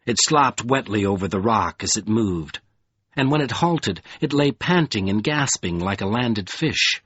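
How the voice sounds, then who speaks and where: A man narrating a fantasy audiobook in an expressive, dramatic reading. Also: on the low side, a little slow, husky, no echo, lo-fi sound.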